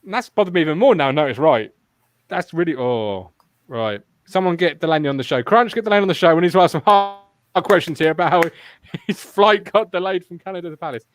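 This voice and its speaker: A man hosts a live football fan podcast, talking in a loose, rambling way with plenty of swearing. His pitch sits a little high and swings widely. The sound is dry and close, with no room echo. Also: a little fast. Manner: animated, swears freely, rambling asides. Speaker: podcast host. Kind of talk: casual football podcast chat.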